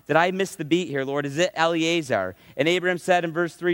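A man gives a sermon in a casual, conversational style, slipping into acted-out prayers. His voice sits fairly high. The sound is dry up close, but a long reverb trails off through the hall. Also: brisk, few pauses, a bit bright. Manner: conversational preaching, acts out prayers and voices of God. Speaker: pastor.

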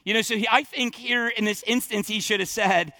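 Bright-voiced male pastor preaching. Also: high-pitched, fairly even intonation, fairly quick, vocal fry, no room sound, clean studio sound. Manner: conversational, thinking aloud with frequent fillers and restarts; earnest, emphatic preaching. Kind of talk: sermon.

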